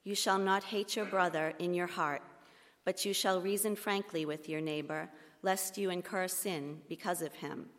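A woman reads scripture in a measured, solemn way. Her voice sits somewhat low. It rings with the long reverb of a church. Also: steady tone. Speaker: lector.

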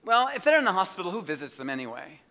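Impassioned high-voiced male preacher. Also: big pitch swings, very fast, long reverb tail. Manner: impassioned, swinging between hushed and loud. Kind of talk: sermon. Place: church.

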